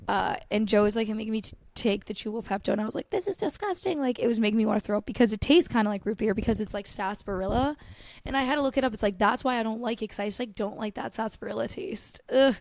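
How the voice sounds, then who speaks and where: A woman's voice: medium pitch, steady tone, fast, no room sound. A young woman hosting a podcast alone, rambling casually about TV and food with lots of "like" and swearing, dramatic and gushing. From United States. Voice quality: chatty, profane, filler-heavy with lots of "like". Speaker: podcast host. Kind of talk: casual solo chat.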